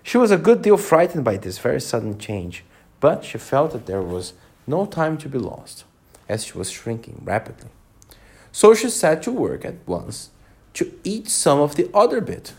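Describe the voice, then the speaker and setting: A man reading a storybook aloud to children, pausing to explain words to them. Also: a little high, wildly swooping pitch, darkish tone, slightly rough.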